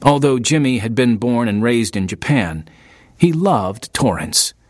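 Expressive male audiobook narrator. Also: mid-range voice, no echo, studio quality. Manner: expressive, measured storytelling.

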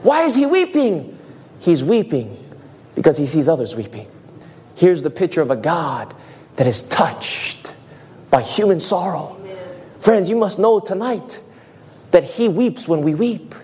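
A man preaching a sermon to a congregation, asking rhetorical questions and swinging between hushed and soaring delivery. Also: fairly high pitch, big pitch swings, unhurried, pauses often, big-room sound. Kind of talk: evangelistic sermon.

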